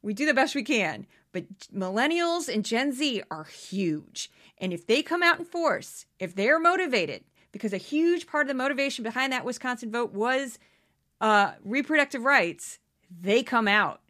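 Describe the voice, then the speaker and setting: A woman in her fifties hosting a commentary podcast, animated and self-deprecating, laughing often. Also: on the high side, normal speed. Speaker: podcast host.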